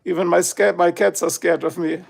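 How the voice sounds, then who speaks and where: A man's voice: high voice, little pitch movement, moderate pace, vocal fry, a little hiss or hum. A man from Germany ranting on a live stream, swearing and complaining in an exaggerated way. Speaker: livestreamer. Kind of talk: casual live stream rant. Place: at home by his garage.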